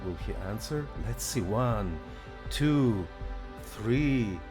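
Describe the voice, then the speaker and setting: A man hosting a casual software demo, excited and thinking aloud as he tries things out. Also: mid-range voice, very slow, over music. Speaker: host.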